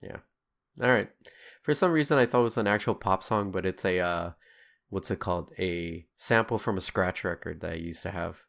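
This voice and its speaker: Chill guy cohost, kinda low voice, laughs a lot while chatting. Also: normal speed, vocal fry, a bit bright. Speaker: podcast co-host. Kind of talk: casual chat.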